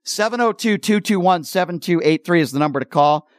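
A man's voice: sits high, animated, fairly quick, no echo, clean studio sound. A man hosting a call-in radio show, blunt and argumentative. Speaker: radio talk show host.

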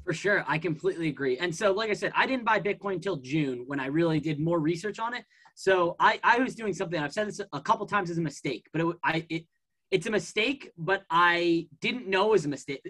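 A man's voice: high-pitched, animated, brisk, pushed and bright. Rambling man telling a long story. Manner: rambling, filler-heavy storytelling. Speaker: guest. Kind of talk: casual podcast chat.

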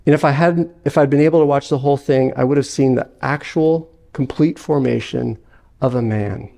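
A male pastor preaching a sermon, telling a story in a measured way. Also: mid-range voice, creaky, dark tone.

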